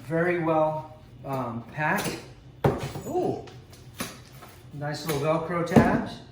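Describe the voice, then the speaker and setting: A relaxed man talks his way through an unboxing at home, rambling with ums and little asides, his voice a bit higher than most. He sits back from the mic in an echoey room. A steady hiss of noise runs under him. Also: very slow. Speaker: vlogger unboxing a coffee maker. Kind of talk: casual unboxing commentary. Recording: echoey room, distant mic, noisy background.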